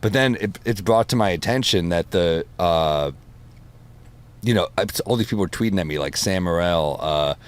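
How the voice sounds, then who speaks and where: A man, a comedian, telling animated stories in casual podcast chat. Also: low voice, normal speed, smooth. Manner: animated, jumps into funny voices for quotes. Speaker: stand-up comedian guest.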